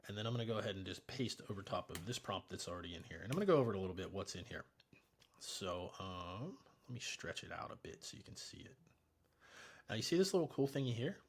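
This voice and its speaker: Husky-voiced man walking through software. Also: on the low side, very animated, fast. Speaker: software tutorial presenter. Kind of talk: casual screen-recorded tutorial.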